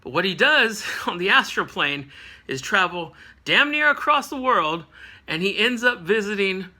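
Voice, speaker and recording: Man, comic recap host, jokey rambling, high pitch, very bright tone. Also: sing-song, normal speed. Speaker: comic book reviewer.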